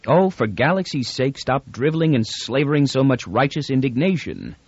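A male narrator voicing a spirited young woman who mocks her companion in an audiobook, his voice lifted higher and drier. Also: very animated, a little mellow, husky, dry recording, muffled recording. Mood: exasperated. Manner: mocking, quick retorts. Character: sharp-tongued young woman, teasing and spirited.

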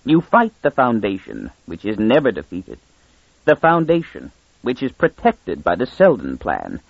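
A man plays an aged, unflappable minister answering a furious ruler, with a soft, measured voice. The tone is husky, the recording muffled and dry, and the pitch moves in a lively way. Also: no echo, exaggerated voice. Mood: calm. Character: very old calm male first minister.

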